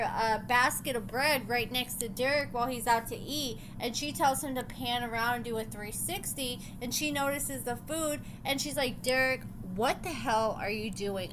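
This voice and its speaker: A woman's voice: high voice, noisy background. A young woman casually recapping and commenting on a reality show, chatty and opinionated with sassy asides.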